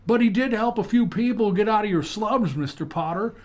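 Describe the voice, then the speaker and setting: A man's voice: high voice, brisk, a little mellow, voice pushed up, natural voice. A man doing a stammering, indignant young hero. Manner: stammers and restarts, pleading and indignant. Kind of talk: comic dramatic reading. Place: podcast studio.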